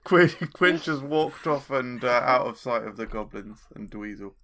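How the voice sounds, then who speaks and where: A man with a gravelly, creaky voice describes his character in a tabletop game. He speaks in an offhand way. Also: mid-range voice, lively intonation, moderate pace, fairly bright tone, a little hiss or hum. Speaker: player.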